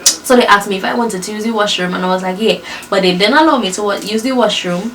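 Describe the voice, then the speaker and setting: A young woman telling her birth story to viewers in a lively, chatty way, often calling them y'all and laughing. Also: medium pitch, fast, distant mic, noisy background.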